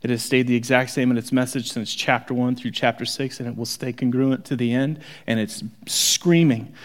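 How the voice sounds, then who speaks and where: A man preaching a sermon, shifting from hushed, intimate moments to forceful, rising emphasis. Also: medium pitch, fairly even intonation, normal speed, hardly any pauses. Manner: dramatic, swings from hushed to forceful. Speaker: pastor.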